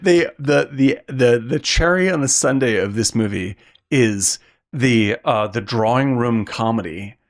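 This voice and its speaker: A man co-hosting a podcast, chatting excitedly about a film, laughing often and restarting his sentences. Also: mid-range voice, a little slow. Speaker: podcast co-host. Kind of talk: casual movie chat.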